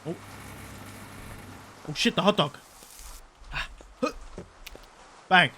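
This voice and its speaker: A man's voice: high voice, expressive, slow, sharp tone, slight background noise. A man doing crude, joking let's-play commentary while he plays. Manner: crude, joking, swears a lot. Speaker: gaming YouTuber.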